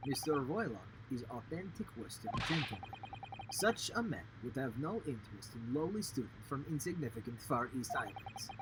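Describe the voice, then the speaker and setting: A hostile, burly sailor guarding the first-class cabins, as a man puts him on, snapping short lines in a thick put-on Russian accent and broken English. His pitch swings lively as he barks, and a steady hiss of noise sits under the game-stream recording. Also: normal speed, natural voice. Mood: surly. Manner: broken English, blunt and surly. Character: gruff burly male ship's guard, hostile.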